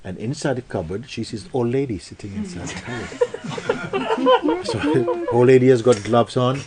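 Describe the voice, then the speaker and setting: A man's voice: medium pitch, wildly swooping pitch, normal speed, over a noisy crowd. A man giving a spiritual satsang talk, telling a story playfully and acting out quoted voices, with loose spoken grammar. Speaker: spiritual teacher.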